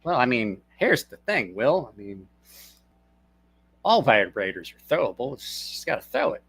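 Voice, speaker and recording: A middle-aged man chats casually at his home desk, wandering from one thought to the next. His voice sits at an ordinary pitch for a man. He tells long stories and laughs his way through them. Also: big pitch swings, normal speed, vocal fry, a bit bright, slightly rough. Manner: rambling, laughs while telling stories. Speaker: channel host. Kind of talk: casual livestream chat and storytelling.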